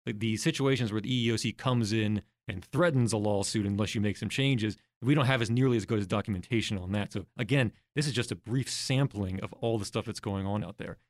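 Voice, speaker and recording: A man's voice: on the low side, a little fast, hardly any pauses, no room sound, clean studio sound. A man, a guest researcher in a podcast interview, explaining his points step by step and walking through examples.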